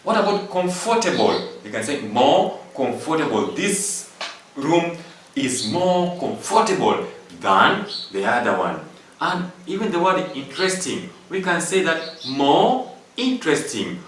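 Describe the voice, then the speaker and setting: A man's voice: on the high side, big pitch swings, measured pace, fairly bright tone, slight background noise. A man teaching an English grammar lesson, going step by step through rules and repeating them with examples. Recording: echoey room from far off.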